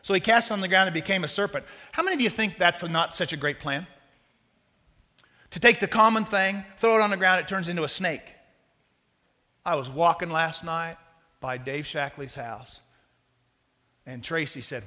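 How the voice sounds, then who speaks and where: A man preaching a sermon as pastor, talking to the congregation in a conversational, joking way with lively asides. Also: high-pitched, normal speed, long pauses, long reverb tail.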